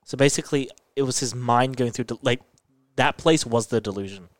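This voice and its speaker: A man co-hosting a podcast, talking through a story in casual chat and breaking into laughs often. His voice sits in a middle pitch. It is recorded dry, with no room sound. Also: fairly quick, no echo. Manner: explains plot eagerly, laughs often. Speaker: podcast co-host.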